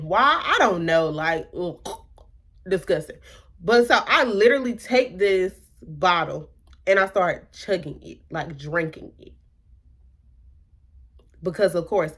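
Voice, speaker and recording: A woman's voice: on the low side, fairly bright tone. A young woman from the American South telling a dramatic personal story in a casual vlog, full of rhetorical questions and quoted dialogue. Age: young adult. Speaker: vlogger.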